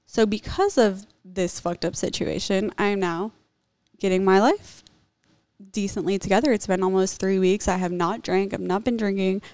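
Young woman vlogger, blunt confessional storyteller who curses often; raspy vocal fry, dead-dry recording. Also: mid-range voice, fairly even intonation, moderate pace, a little mellow, dry recording. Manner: blunt, heavy swearing, candid. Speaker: vlogger telling a personal story.

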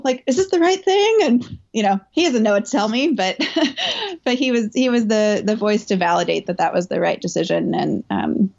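A woman's voice: medium pitch, gravelly, darkish tone. Chatty woman athlete on muffled audio. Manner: chatty, filler-heavy, emotional retelling. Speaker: elite marathon runner and coach. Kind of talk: candid interview storytelling.

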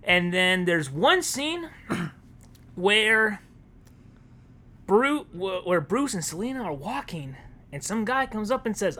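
A man chats on a podcast, retelling a story in a loose, casual way. His pitch swings widely as he jumps into the characters' lines. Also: big pitch swings, unhurried, bright, forceful tone. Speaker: podcast co-host.

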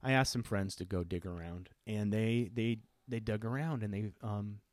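A man's voice: lowish voice, normal speed, no room sound. A middle-aged man hosting a podcast, telling a personal story in an earnest, reflective way that often stops and restarts. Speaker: podcast host.

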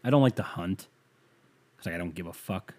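Sitting low in pitch, his voice is animated, fairly quick, and a little mellow. The speaker is a young podcast host delivering a rambling, wry comedic monologue with lots of fillers.

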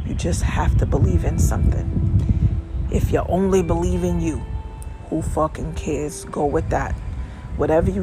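A woman giving blunt, loosely rambling motivational talk outdoors on her porch, swearing freely as she chats. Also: deep voice. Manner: blunt, profane, loose and chatty. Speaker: vlogger. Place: outdoors on a home porch by water.

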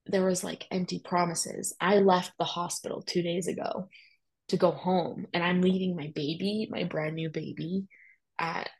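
A woman's voice: on the low side, level tone, normal speed, breathy edge, poor audio. A young woman telling a personal story in a chatty way, full of "like" and emphatic asides. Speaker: guest sharing a personal story.

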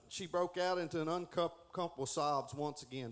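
A man's voice: a little high, fairly even intonation, normal speed, hardly any pauses. A middle-aged man giving a folksy Sunday school lesson, stumbling and restarting as he reads aloud.

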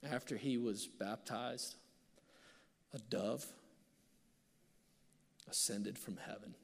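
A male pastor preaching a sermon, swinging from loud bursts to hushed, near-whispered passages. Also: medium pitch, steady tone, slow pace, vocal fry. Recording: long reverb of a large hall.

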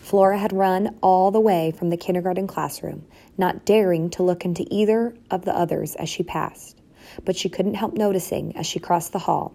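A woman narrating a children's storybook in a calm, even manner. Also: fairly low pitch, creaky. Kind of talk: audiobook narration.

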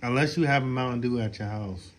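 A man's voice: mid-range voice, fast talker, slight background noise. Laid-back joking man hosting a podcast. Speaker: podcast host. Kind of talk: casual chat.

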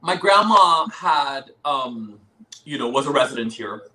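A man's voice: medium pitch, expressive, a little slow, pushed and bright. A man from South Korea, a guest telling personal stories in casual chat, laughing often as he talks. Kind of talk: casual storytelling.

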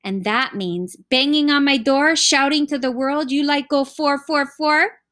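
A woman voicing a stern older male martial arts teacher who talks in gruff, scolding commands, read as an audiobook character. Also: fairly high pitch, lively intonation, unhurried, no echo, studio quality.

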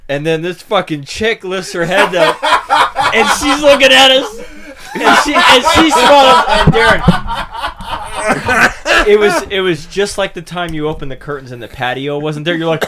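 A man co-hosting a casual podcast with friends, telling stories in a profane, animated way. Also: sits high, moderate pace, over a noisy crowd. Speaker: podcast co-host. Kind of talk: casual chat among friends.

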